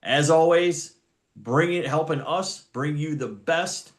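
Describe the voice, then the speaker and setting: A motorsport podcast host reads the intro, sign-off and sponsor plugs in an upbeat announcer style. His voice is fairly high-pitched and his pace is slow.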